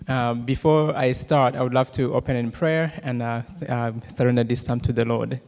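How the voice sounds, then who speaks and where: A man in his thirties from Rwanda with a Rwandan accent gives a church testimony and prayer, talking fast with many "uh" fillers and jokes with the audience. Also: medium pitch, steady tone, a little mellow. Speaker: guest speaker giving a testimony. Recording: long hall reverb.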